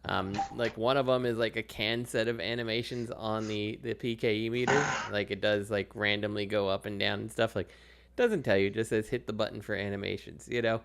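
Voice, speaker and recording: A man's voice: fairly low pitch, fairly even intonation, fairly quick, a bit bright, clean tone. A man co-hosting a podcast in casual chat, rambling with plenty of fillers and laughing easily. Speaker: podcast co-host.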